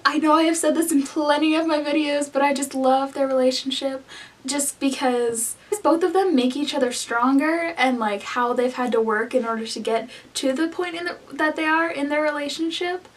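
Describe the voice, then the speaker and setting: A woman's voice: high-pitched, far from the mic. A young woman, a book vlogger, chatting casually to the camera in a gushing, rambling way full of "like" fillers.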